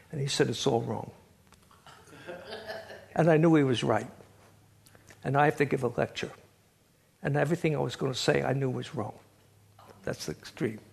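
A man's voice: mid-range voice, creaky, husky. An older man giving a classroom lecture, telling stories with a wry chuckle and reading quotes aloud. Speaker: lecturer on biblical poetry.

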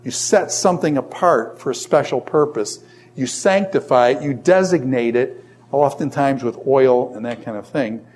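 Speaking at a normal speed in a medium-pitched voice, a middle-aged man leads a Bible class in a classroom. His lecture is lively, full of animated storytelling, jokes, and asides, and he often asks the class questions before answering them himself.

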